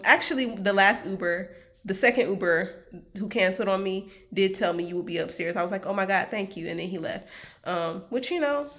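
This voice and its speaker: A woman vlogging about her trip, telling a story in a casual way and acting out the people she talks to. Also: mid-range voice. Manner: animated retelling, acts out quoted exchanges. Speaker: travel vlogger.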